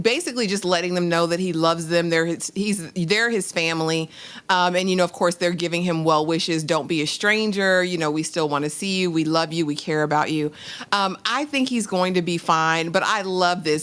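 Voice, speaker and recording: A woman's voice: lowish voice, fairly bright tone. A woman co-hosting a TV review show, recapping the plot in casual chat and asking viewers questions.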